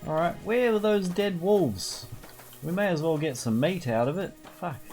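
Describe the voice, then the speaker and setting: A man's voice: on the high side, animated, moderate pace, darkish tone, faint music behind. A young Australian man streaming a video game, chatting casually in a rowdy, jokey way with plenty of swearing and doting talk to an in-game dog. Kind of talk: casual gameplay commentary.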